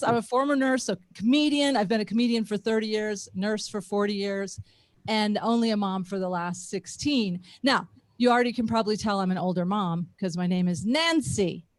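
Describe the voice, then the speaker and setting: Middle-aged lady with an ozark twang doing stand-up on a video call, kinda high voice, laughs at her own jokes. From Ozarks, USA. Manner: lively, self-mocking, laughs often. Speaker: comedian and former nurse. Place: garage studio.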